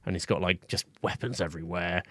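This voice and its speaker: A man narrating as game master in a relaxed, filler-heavy way. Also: sits low, a little fast, dry recording, clean studio sound. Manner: relaxed, many "like" and "you know" fillers.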